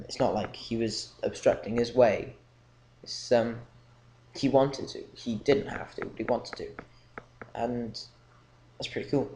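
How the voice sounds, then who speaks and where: A young man with a lowish, slightly mellow voice offers casual Bible commentary for his reading vlog. He rambles informally, saying "um" a lot, in an echoey room with faint noise.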